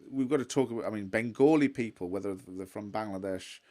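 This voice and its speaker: A man's voice: lowish voice, fast talker, warm tone. A man co-hosting a casual podcast, explaining at length with many fillers and agreeing often. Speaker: podcast co-host. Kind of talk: casual chat.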